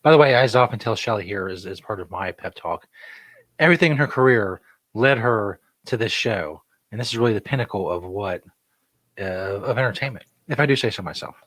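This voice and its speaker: A man's voice: fairly low pitch, animated, fairly quick, a bit bright, no echo. A man hosting a podcast, joking and asking questions with many hesitant fillers. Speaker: podcast host. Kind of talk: casual chat.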